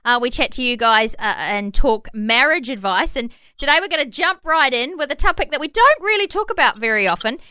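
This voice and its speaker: Australian woman as chatty co-host, high and sharp voice, dry close sound. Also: expressive, clear, resonant tone, no echo. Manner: bubbly, encouraging, quick to agree. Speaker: podcast co-host. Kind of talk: casual chat.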